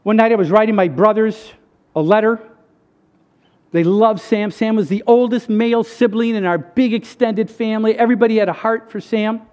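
A man's voice: sits high, steady tone, moderate pace, darkish tone. A man giving a conversational sermon testimony, earnest and emphatic, speaking straight to the crowd. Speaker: speaker sharing a faith testimony.

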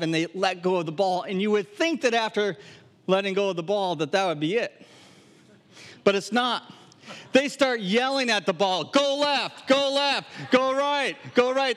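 A middle-aged man from Wisconsin preaching a sermon in an animated, humorous way, with acted asides. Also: sits high. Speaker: pastor. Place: camp gathering hall.

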